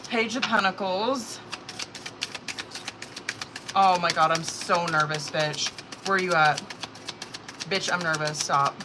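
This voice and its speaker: A woman does a tarot reading on a live stream, talking casually with lots of swearing and filler words and getting nervous as she pulls cards. Her voice is fairly low and slow with long pauses, and there is background noise.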